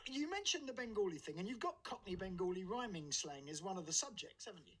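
A man's voice: sits high, big pitch swings, fast, a bit bright, poor audio. A man hosting a radio show, chatting casually and enthusiastically. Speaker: radio host.

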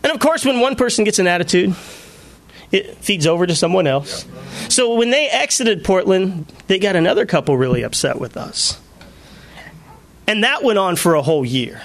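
A male pastor preaching a sermon, telling personal stories in an animated way and laughing often. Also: high voice, moderate pace. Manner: animated storytelling with frequent laughter.

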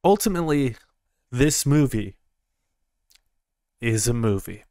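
A man's voice: mid-range voice, animated, slow, warm tone, no room sound, clean studio sound. A young man giving a casual review from inside his parked car, rambling, chuckling and repeating words as he goes. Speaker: movie reviewer.

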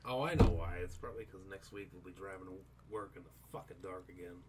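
A man's voice: low voice, fast talker, background noise. A man talking crudely and bluntly on a casual podcast, swearing often.

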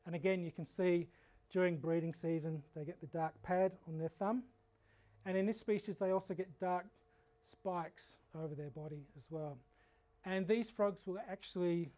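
Australian man, workshop lecture, fairly high voice, animated storytelling, humorous. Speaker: frog educator.

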